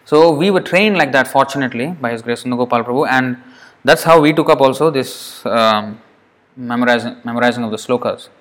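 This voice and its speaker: A man's voice: mid-range voice, fairly quick, a bit bright. A man giving a devotional scripture class in an earnest way, often repeating words for emphasis. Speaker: lecturer.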